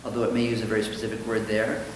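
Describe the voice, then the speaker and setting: A man's voice: on the low side, monotone, rapid-fire, recorded from a distance. A man who is a rabbi, teaching a conversational Talmud class and acting out the quoted dialogue in his stories. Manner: thoughtful, acts out quoted dialogue with livelier voice. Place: synagogue study hall. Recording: very echoey hall, faint noise.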